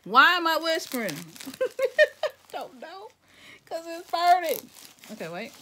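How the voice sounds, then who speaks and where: A woman opening gifts in a casual vlog, excitable and chatty, talking straight to her viewers and slipping into whispers now and then. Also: extremely high pitch, slow, a little hiss or hum. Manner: excitable, addresses viewers as "y'all", slips into whispers.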